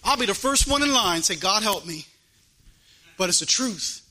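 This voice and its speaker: A preacher, a man, delivers a fervent sermon in a high, piercing voice. His delivery swells into a sing-song chanted cadence. The tone is sharp and forceful throughout. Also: lively intonation, quick pace, rough recording. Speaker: pastor. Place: church.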